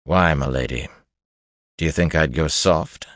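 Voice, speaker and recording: A man voicing a gruff, menacing hardened killer who mutters and growls his lines in an audiobook reading. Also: very deep voice, a little slow, a bit bright, no echo, clean studio sound. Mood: gruff, wary.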